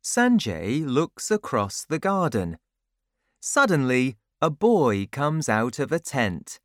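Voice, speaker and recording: A woman reading a children's storybook aloud in a slow, clear, carefully paced narration. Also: extremely low pitch, big pitch swings, dry recording, clean studio sound.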